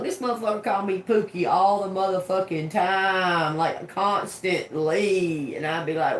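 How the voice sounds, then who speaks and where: A man's voice: high voice, normal speed, hardly any pauses, a bit bright, a little hiss or hum. A man doing a casual tarot reading, rambling and cursing, often repeating single words as they come to him. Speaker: tarot reader.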